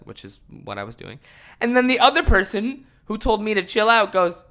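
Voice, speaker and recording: A young man hosting a podcast, ranting casually and swearing a lot, swinging from mumbled asides to loud exasperated outbursts. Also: high voice, wildly swooping pitch, normal speed. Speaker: podcast host.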